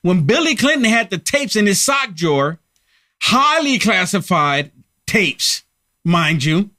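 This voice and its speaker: A man's voice: sits high, big pitch swings, unhurried, bright, forceful tone, no room sound, clean studio sound. Emphatic man hosting a political livestream. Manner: emphatic, repetitive, rallying. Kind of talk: opinionated live commentary.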